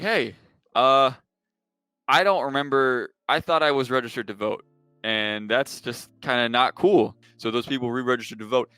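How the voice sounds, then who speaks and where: A man's voice: mid-range voice, a bit bright, no room sound. A young man giving casual, sarcastic and exasperated political commentary on a livestream.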